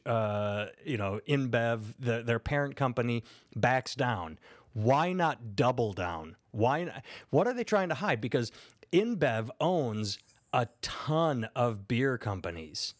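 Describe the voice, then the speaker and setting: A man's voice: mid-range voice, lively intonation, slow, dry recording, clean studio sound. A man hosting a casual podcast chat, telling a story and thinking aloud as he goes.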